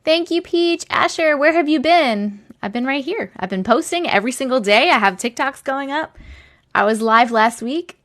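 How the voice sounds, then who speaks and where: Chatty, higher-pitched woman host greeting live viewers, casual and rambling. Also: expressive, normal speed, a bit bright. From Long Island, New York. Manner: chatty, greets viewers by name with rising lilt. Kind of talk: casual livestream chat.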